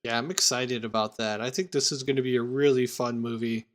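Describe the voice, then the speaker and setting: A man's voice: medium pitch, steady tone, brisk. A man co-hosting a casual movie podcast, chatting and previewing upcoming films. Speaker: podcast co-host.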